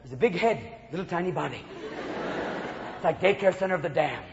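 A man doing a stand-up comedy routine in front of a live audience, talking manically and jumping into silly voices and shouts. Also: on the high side, lively intonation, brisk, vocal fry, muffled recording. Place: large live venue before an audience. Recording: echoey live hall with loud crowd noise. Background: audience laughter and crowd noise.

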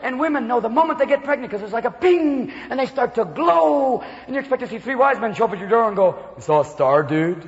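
A male stand-up comedian performing a manic routine, shouting and jumping in and out of voices before a live audience. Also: very high voice, animated, fast talker, hardly any pauses. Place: large venue with a live audience. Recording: lo-fi live hall recording with crowd.

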